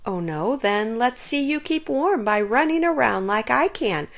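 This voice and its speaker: A woman's voice: on the high side, expressive, measured pace. A woman voicing a boastful, teasing male dog in a children's storybook, barking and laughing at a tortoise. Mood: mocking.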